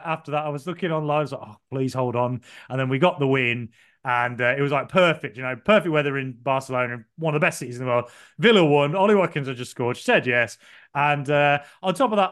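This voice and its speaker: Rambling podcast co-host, clear voice. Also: male voice, a little high, fairly bright tone. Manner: rambling, self-deprecating storyteller with many fillers. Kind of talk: casual podcast chat.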